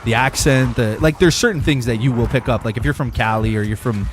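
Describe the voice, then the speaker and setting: A man's voice: medium pitch, a little fast, faint music behind. A young man from Southern Ontario with a Southern Ontario Canadian accent, chatting casually with his livestream viewers in a rambling, profane way. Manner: rambling, profane, talks directly to chat. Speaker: game streamer.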